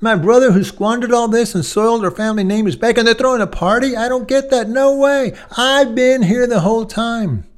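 A man's voice: extremely high pitch, brisk, hardly any pauses, voice pushed up. A man voicing an indignant older brother in a retold parable, complaining in outraged disbelief.

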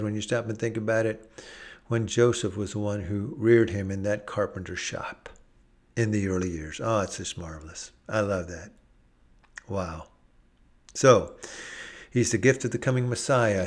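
An earnest male preacher delivering a sermon at a middle pitch. He shifts his pacing from slow and deliberate to brisk, and briefly takes on other voices as he retells stories. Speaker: pastor.

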